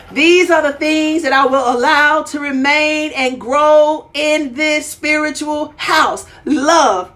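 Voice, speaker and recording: Fervent high-voiced woman preaching. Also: fairly bright tone. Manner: fervent call-and-response preaching, repeating phrases. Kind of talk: sermon broadcast.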